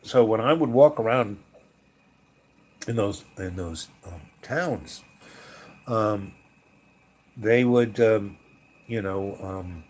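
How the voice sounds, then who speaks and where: A man's voice: lowish voice, slow pace, long pauses. Rambling older man telling a story. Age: 60s. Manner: meandering, heavy on "um" and "you know", trailing off quietly. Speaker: storyteller host.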